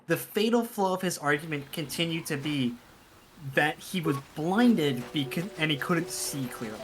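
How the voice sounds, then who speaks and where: A man's voice: a little high, animated, normal speed, slight background noise, poor audio. A man chatting casually with a streamer, giving blunt, joking takes on the game. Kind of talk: casual chat.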